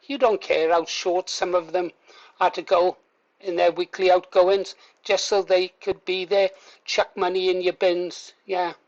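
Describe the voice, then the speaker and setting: A man's voice: sits high, little pitch movement, unhurried, muffled recording. A man hosting a reaction video, mocking and heckling a played clip with sarcastic asides. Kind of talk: commentary over a played clip.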